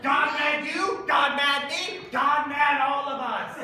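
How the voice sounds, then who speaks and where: A woman playing a shouty cranky co-host. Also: sits high, fairly even intonation, slow pace, heavily acted. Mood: playful ranting. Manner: shouty, chanting, playful ranting. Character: cranky male co-host chanting about being mad. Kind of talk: children's church skit. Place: large hall. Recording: echoey hall from far off, with crowd and noise.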